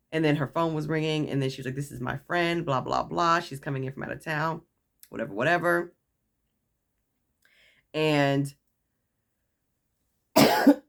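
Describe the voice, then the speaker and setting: A woman vlogger telling a story in a casual, animated way, acting out the people she quotes and laughing often. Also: low voice.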